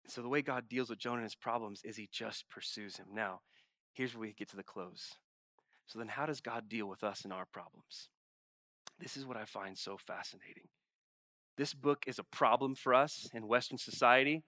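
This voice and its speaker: A man preaching a sermon as a pastor. He swings from hushed, intimate asides to loud, emphatic exclamations, and he voices God's questions in a pleading, exasperated tone. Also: lowish voice, moderate pace, no echo, studio quality.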